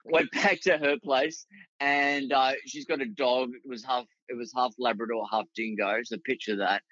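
A man's voice: medium pitch, fairly even intonation, normal speed, sharp tone, no echo, lo-fi sound. An Australian man telling rambling anecdotes as a guest, with many restarts and fillers. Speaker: guest, writer and actor. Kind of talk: casual storytelling in a podcast interview.

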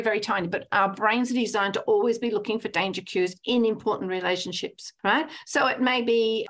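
A woman counsellor and hypnotherapist talking in an interview, animated, often acting out little scenes and adding "right?" to her points. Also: on the high side. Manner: animated, acts out little scenes with lively voices; frequent tag "right?". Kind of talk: conversational interview.

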